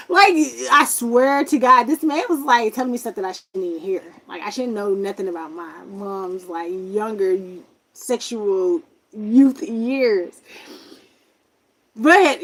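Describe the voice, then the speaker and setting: A young woman casually telling a personal story, acting out other people's voices with big jumps in pitch. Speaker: vlogger telling a life story.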